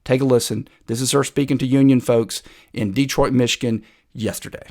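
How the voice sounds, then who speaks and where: A man's voice: mid-range voice, steady tone, fairly quick, darkish tone. A man hosting a political commentary video, combative and sarcastic, talking straight to his viewers.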